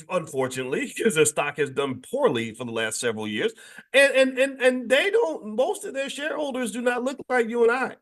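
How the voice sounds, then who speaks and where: Guy hosting his morning show, talks emphatic and animated, lots of restarts. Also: fairly high pitch. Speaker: host of a daily morning show. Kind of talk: casual monologue commentary.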